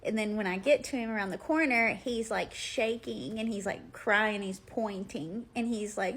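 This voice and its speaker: A woman's voice: medium pitch, a little fast, few pauses, a bit bright. A woman, telling stories casually into her phone at home, rambling with lots of fillers. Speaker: vlogger. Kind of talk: casual storytelling.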